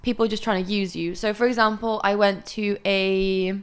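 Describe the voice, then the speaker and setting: Young woman with a smooth voice. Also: medium pitch, fairly even intonation, normal speed. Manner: candid, indignant storytelling with frequent swearing. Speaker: influencer guest. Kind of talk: casual podcast chat.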